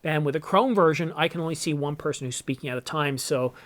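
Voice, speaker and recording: A man's voice: fairly high pitch, fast, a bit bright. A middle-aged man from Canada, casually answering viewer questions on his filmmaking channel, rambling and correcting himself with dry little jokes. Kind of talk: casual Q&A monologue.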